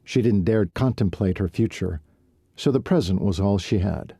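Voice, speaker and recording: A man narrating a romance novel as an audiobook, in calm, even storytelling. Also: lowish voice, normal speed, vocal fry, husky, dry recording, clean studio sound.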